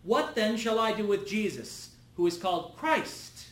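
A man's voice: high-pitched, sing-song, a little slow, fairly bright tone, voice pushed up, heavily acted. A man voicing an uneasy Roman governor, asking raised, pressing questions. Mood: pleading. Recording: echoey room.

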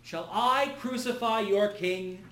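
A man's voice: high-pitched, slow pace, pushed and bright, pitched above the performer's own voice, heavily acted. A man voicing an uneasy Roman governor, asking raised, pressing questions. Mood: pleading. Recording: echoey room.

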